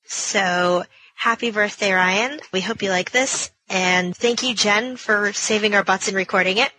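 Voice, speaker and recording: Bright woman giving a birthday greeting. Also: medium pitch, a little slow, rough recording. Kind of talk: recorded birthday message.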